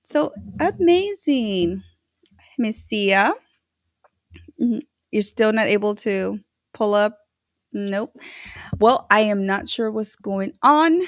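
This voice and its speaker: A woman's voice: medium pitch, expressive, slow, pauses often, no room sound. This is a woman from Chile who hosts a live online talk show. She chats with viewers in a bubbly, effusive way and laughs often. The sound is dry and close, with no room to it. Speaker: livestream host. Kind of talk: casual livestream chat.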